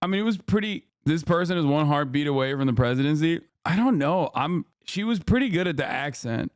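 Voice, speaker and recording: A man's voice: fairly high pitch, expressive, a little fast, clear, resonant tone, no room sound. A man hosting a stream, reacting to political clips with blunt, profane, sarcastic commentary into a close mic.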